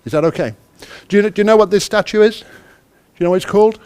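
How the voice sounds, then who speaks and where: Man from the UK, conference talk, fairly high voice, chatty, self-deprecating, keeps quizzing the crowd. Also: fast talker, a little mellow, clear, resonant tone. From United Kingdom. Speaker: conference speaker. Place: conference hall.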